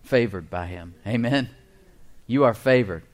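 Middle-aged male pastor, mid-pitched voice, call-and-response preacher, slows right down to read scripture. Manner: call-and-response preaching, leads congregation in repeating lines; chuckles between points, reads scripture slowly and emphatically. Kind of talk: sermon.

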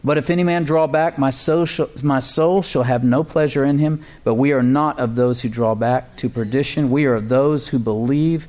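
A man's voice: mid-range voice, moderate pace, hardly any pauses, darkish tone. A male pastor preaching a sermon and leading a prayer, with a preaching cadence and call-and-response with the congregation.

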